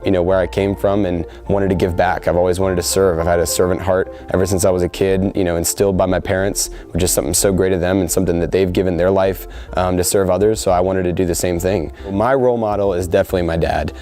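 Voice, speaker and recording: A man's voice: low-pitched, level tone, fast talker, few pauses, mellow, faint music behind. A young man in his twenties speaking earnestly in a sit-down interview, with frequent fillers. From United States. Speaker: soldier interviewed before deployment.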